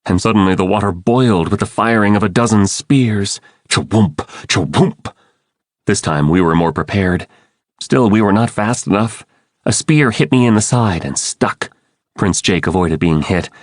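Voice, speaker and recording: A man's voice: fairly low pitch, expressive, moderate pace, no room sound, studio quality. A man narrating an audiobook in first person, reading with dramatic expression. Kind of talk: scripted narration.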